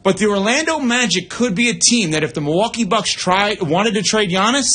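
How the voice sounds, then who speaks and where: Sports radio guy, kinda high and husky, bright edge, fast opinionated takes. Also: animated. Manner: brisk, opinionated analysis with asides.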